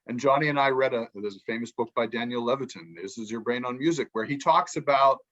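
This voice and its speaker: A man, a podcast guest and book author, explaining music ideas in a lively way and acting out quotes from musicians. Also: medium pitch, fast talker, muffled recording. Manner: animated, acts out musicians' quotes, many restarts.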